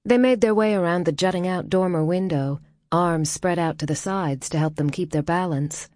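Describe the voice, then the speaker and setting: A woman reading a novel aloud as audiobook narrator in a calm, measured way, dropping soft in tender passages. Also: lowish voice, no echo, studio quality. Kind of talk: scripted narration.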